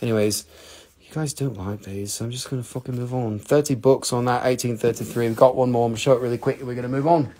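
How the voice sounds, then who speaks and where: A man's voice: mid-range voice, steady tone, fast talker, mellow. A man hosting a live rock and mineral sale, rambling and joking, swearing freely as he shows stones. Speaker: host selling rocks on a live show. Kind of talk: casual live sales stream.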